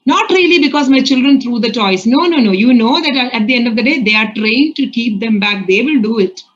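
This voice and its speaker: A woman's voice: a little high, expressive, brisk. Earnest woman preaching, dull recording. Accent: Indian. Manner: earnest, asks many rhetorical questions. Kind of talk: sermon.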